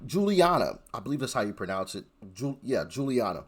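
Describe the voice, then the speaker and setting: A man's voice: medium pitch, sing-song, fairly quick. A man hosting his own channel, talking informally and straight to his viewers in a casual reaction commentary.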